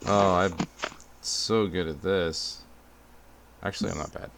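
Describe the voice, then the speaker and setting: A man with a very low, deep voice, joking around as a player in a tabletop game. He talks in a relaxed, easy way. A clear hiss runs under the recording. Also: measured pace. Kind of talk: casual tabletop game chat.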